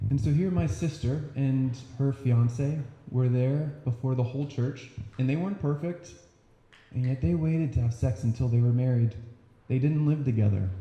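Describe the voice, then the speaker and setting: A young man speaks to an audience about faith with earnest energy, slipping into quoted voices as he goes. His voice is deeply mellow and dark. The sound carries the echo of a roomy space. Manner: earnest, animated, acts out quotes.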